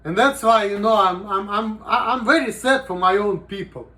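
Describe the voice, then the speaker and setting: A man's voice: high-pitched, normal speed, sharp tone. A man talking casually in a rambling, profane vlog monologue, with "you know" in almost every sentence. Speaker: vlogger.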